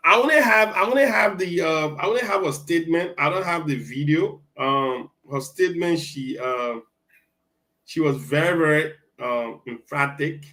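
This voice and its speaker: A man co-hosting a casual political talk show, talking in halting bursts with many restarts. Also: fairly high pitch, sharp tone, poor audio.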